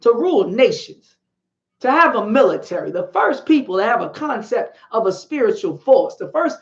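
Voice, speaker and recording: Animated woman hosting a live history stream. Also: a little high, normal speed, highs cut off. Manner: animated, chatty, greets viewers in the chat.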